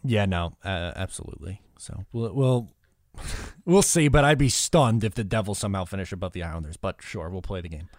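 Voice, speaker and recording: Lively joking man, dry sound. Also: sits low, a little fast, dry recording. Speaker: co-host. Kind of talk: casual podcast chat.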